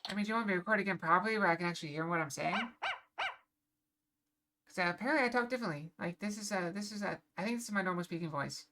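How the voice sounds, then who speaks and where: A woman streaming a game playthrough, chatting in a voice that turns slightly gravelly. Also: medium pitch, racing, pushed and bright, slight background noise. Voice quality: slightly gravelly as she goes on. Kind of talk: live game playthrough, reading dialogue aloud.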